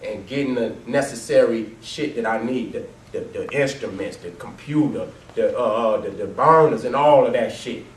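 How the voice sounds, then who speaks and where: A man's voice: normal speed, few pauses. Profane storytelling man in a roomy hall. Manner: laughs often, swears heavily, swings from loud to low and quiet. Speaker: speaker presenting his life story with photos. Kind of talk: profane, animated storytelling talk to a live audience. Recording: roomy, distant mic, faint background noise.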